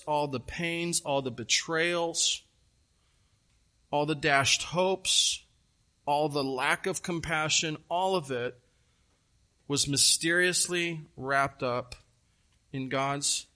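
Pastor guy preaching slow and deliberate, kinda high bright voice, gets animated retelling the story. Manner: earnest, animated storytelling with repeated phrases. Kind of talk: sermon.

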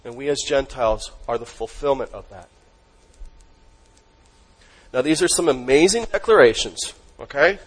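A male pastor delivering a sermon in an emphatic, teaching manner. He throws questions out to the congregation and lets his voice sink almost to a hush on the words he wants to stress. His voice sits at an ordinary middle pitch. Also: animated, normal speed, long pauses, husky, rough recording.

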